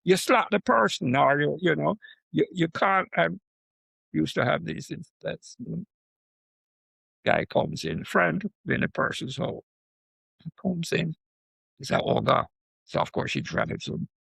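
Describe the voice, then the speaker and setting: An older man from Jamaica, a professor guest, talking in an animated storytelling way with frequent asides. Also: fairly high pitch, unhurried, gravelly, pauses often, slightly rough, no echo. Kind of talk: conversational interview.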